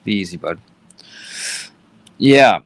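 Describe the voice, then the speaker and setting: A man's voice: on the low side, lively intonation, slow pace, dry recording. Profane, rambling New man. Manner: profane, rambling, easily irritated. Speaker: livestream host. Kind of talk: casual livestream chat.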